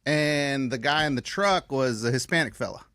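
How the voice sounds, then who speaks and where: A man co-hosting a radio show, telling stories in an animated way, acting out the people in them. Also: mid-range voice, normal speed, clear, resonant tone, no echo, studio quality. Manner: animated storyteller, acts out voices and laughs. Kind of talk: casual studio storytelling. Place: radio studio.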